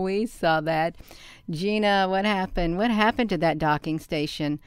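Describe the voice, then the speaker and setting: Lady talking through her screen, keeps calling herself by name, gets loud and excited, dry close sound. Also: fairly low pitch, moderate pace, clear, resonant tone, dry recording. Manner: excitable, bursts into loud exclamations; talks to herself by name and to viewers. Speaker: channel host. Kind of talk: casual screen-share commentary.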